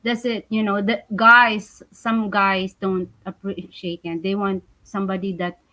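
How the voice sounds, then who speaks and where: A woman hosting a casual interview, asking halting questions full of fillers. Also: mid-range voice, level tone, pushed and bright, rough recording. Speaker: interviewer, show host.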